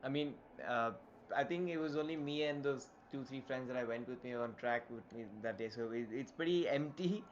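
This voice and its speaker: A man's voice: mid-range voice, fairly quick, dull audio, slight background noise. A man co-commentating a racing event over a remote call, easygoing with lots of fillers. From India. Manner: easygoing, hesitant, many fillers. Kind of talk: live race commentary.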